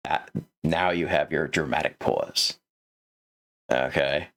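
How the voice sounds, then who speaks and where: Low-voiced man, snarky manuscript critic, chuckles and restarts constantly. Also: takes it slowly, fairly bright tone. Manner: sarcastic, laughs often, stammers and restarts. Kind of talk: comedic writing critique.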